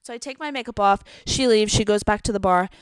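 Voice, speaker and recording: A woman's voice: mid-range voice, quick pace, clear, resonant tone, dry recording. A woman in her twenties, co-hosting a podcast, animatedly retelling a night out and acting out her friends' lines. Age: 20s. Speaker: podcast co-host. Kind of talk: casual storytelling chat.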